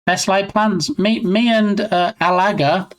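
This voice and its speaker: A man's voice: sits high, steady tone, measured pace. A man chatting casually on a live game development stream, rambling and self-mocking.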